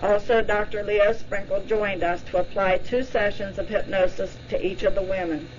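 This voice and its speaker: A woman narrating a documentary in an even, plain reading style. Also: mid-range voice, moderate pace, dull audio, slight background noise.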